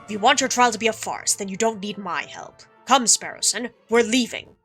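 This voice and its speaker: A woman voicing a brisk bird lawyer. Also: medium pitch, animated, a bit bright, faint music behind, natural voice. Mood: stern. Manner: brisk, authoritative bluffing legalese. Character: sharp confident male bird defense attorney. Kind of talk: reading game dialogue aloud.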